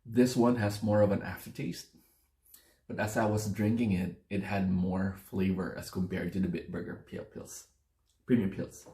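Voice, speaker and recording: Casual vlogger, man, low, warm-toned voice, rambling and correcting himself. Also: flat delivery, normal speed, reverberant. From Philippines. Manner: chatty, rambling, self-correcting. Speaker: beer-tasting vlogger. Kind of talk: casual chat to camera. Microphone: phone camera.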